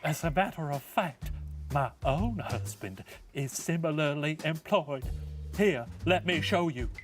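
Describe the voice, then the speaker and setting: A man voicing a sad, wealthy Southern lady with a dark secret, in an overwrought, self-pitying put-on Southern drawl. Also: fairly high pitch, expressive, a little slow, faint music behind, voice pushed down. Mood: mock despair.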